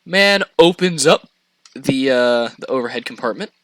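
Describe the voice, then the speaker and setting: Animated, bright-voiced young man telling a story. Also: medium pitch, moderate pace, no room sound. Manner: animated, profane, laughs through the telling. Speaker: podcast storyteller. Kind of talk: casual storytelling chat.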